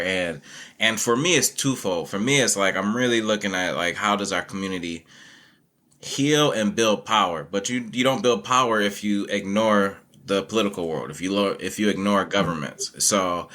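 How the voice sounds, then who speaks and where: A man with a low, bright, forceful voice tells stories about his teaching. He talks in an animated way, laughs often and acts out the lines of the people in his stories. It sounds like a relaxed conversation. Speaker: community educator, guest. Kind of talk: conversational storytelling.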